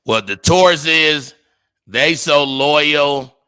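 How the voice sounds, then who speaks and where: A man's voice: on the high side, slow pace, sharp tone, smooth. A man co-hosting a podcast, joking and teasing his friends in casual banter. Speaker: podcast co-host. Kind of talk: casual chat.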